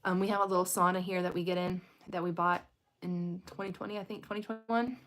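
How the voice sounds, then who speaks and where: A woman's voice: on the low side, little pitch movement, quick pace, a bit bright. Chatty woman hosting a livestream. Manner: chatty, talks directly to viewers. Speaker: livestream host. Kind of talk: casual livestream chat. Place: home at night.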